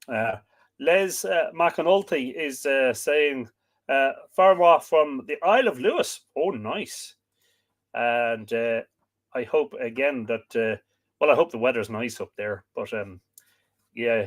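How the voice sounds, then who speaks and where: An Irish man hosting a livestream, casually reading out and answering viewer comments with many fillers. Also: fairly high pitch. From Ireland. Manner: chatty, reads out names and greetings with frequent fillers. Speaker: livestream host. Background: dog barking at times.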